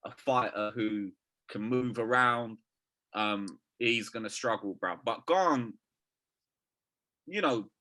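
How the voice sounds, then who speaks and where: A man's voice: mid-range voice, slow, pauses often, bright, forceful tone. A man co-hosting a sports podcast, chatting casually and laughing often. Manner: slangy, says "bruv" constantly, laughs often. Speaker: podcast co-host. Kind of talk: casual chat.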